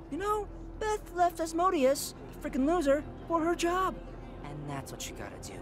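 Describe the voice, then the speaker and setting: A cynical ranting young guy. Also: high-pitched. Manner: blunt, sarcastic rants. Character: cynical young man ranting about love. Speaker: game character.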